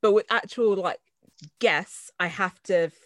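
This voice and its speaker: A woman's voice: mid-range voice, measured pace, dry recording, clean studio sound. A woman co-hosting a podcast in casual chat, chatty and reflective about herself. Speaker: podcast co-host.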